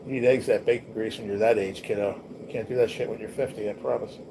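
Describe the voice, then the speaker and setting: Over poor audio with noticeable background noise, a man with a fairly low, mellow voice talks fast and keeps his intonation fairly even. He's a livestream host chatting casually and bluntly to viewers, rambling and swearing with lots of slang.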